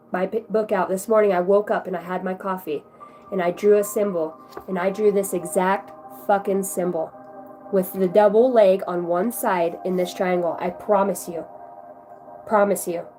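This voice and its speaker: A tarot reader with a warm, mid-range female voice gives a casual livestream card reading. She's chatty and effusive with her viewers and swears freely.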